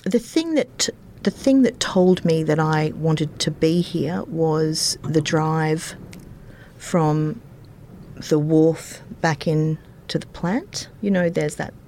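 A woman with an Australian accent, telling personal stories as an interview guest, in a rambling way with many pauses and fillers. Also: sits low, slight background noise. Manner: rambling, warm-hearted anecdotes with many ums. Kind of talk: casual interview storytelling.

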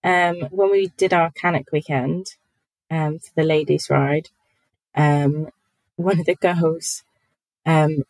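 Giggly low-voiced woman. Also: steady tone, takes it slowly, long pauses, a little mellow, no room sound, poor audio. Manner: giggly, chatty, many fillers. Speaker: guest. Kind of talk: casual podcast chat.

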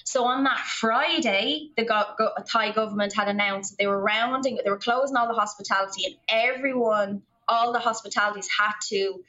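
A young woman with an Irish accent tells a long story to a podcast host, wandering through it with constant fillers. Her voice is bright and forceful. The remote call audio sounds muffled and lo-fi. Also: on the high side, moderate pace, few pauses. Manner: rambling, filler-heavy, lots of "like". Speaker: podcast guest. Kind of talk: storytelling in casual conversation.

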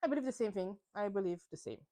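Animated woman recapping reality TV. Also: medium pitch, racing, dry recording. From France. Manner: opinionated and animated, acts out quotes. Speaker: podcast host. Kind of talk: solo recap chat.

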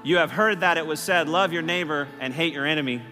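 A man preaching a sermon to his church, impassioned, his voice rising loud and high on key lines. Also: a little fast, long reverb tail, soft background music. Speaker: pastor. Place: church sanctuary.

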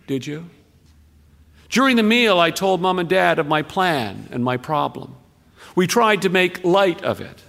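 Slow, lively-voiced male radio storyteller. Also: on the high side, creaky, long reverb tail. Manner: slow, measured reading with expressive pauses. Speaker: storyteller reading a listener's story.

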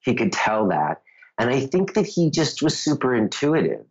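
A man's voice: mid-range voice, very animated, normal speed, breathy edge, lo-fi sound. An American man, a yoga teacher, telling a personal story in a casual, chatty way, full of "like"s and small laughs. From United States. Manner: chatty, many "like"s, laughing asides.

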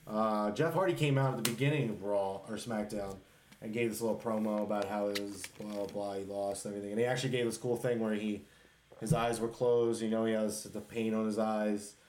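A man chatting casually on a podcast, excitedly rambling about wrestling shows. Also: on the low side, brisk, a little hiss or hum. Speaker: podcast co-host. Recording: echoey room.

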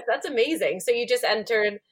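A woman's voice: fairly high pitch, expressive, moderate pace, breathy edge. Friendly Canadian woman hosting a podcast. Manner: friendly, reassuring, laughs easily. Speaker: podcast host. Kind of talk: casual interview.

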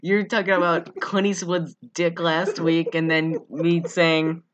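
A woman's voice: on the low side, little pitch movement, unhurried, dull audio, a crowd in the background. A woman co-hosting a casual podcast, sarcastic and profane, often exasperated and laughing. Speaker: podcast co-host. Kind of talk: casual movie-recap podcast chat.

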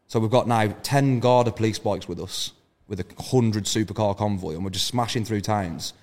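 A man's voice: fairly low pitch, quick pace, darkish tone. A man telling brash, sweary road-trip stories as a podcast guest. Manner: brash storytelling, heavy swearing. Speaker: podcast guest, event organiser. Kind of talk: casual podcast chat.

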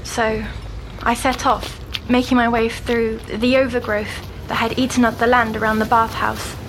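An actress playing a haunted young woman patient in an audio drama, recounting a nightmare in a hushed, halting, often whispered voice. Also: on the high side, level tone, close to an everyday voice. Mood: urgent recall. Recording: noisy background hum.

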